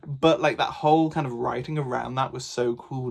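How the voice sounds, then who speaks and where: Man, book reviewer; casual, gushing, excitable delivery at a middling pitch. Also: normal speed, creaky. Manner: gushing, excitable, rambling with fillers.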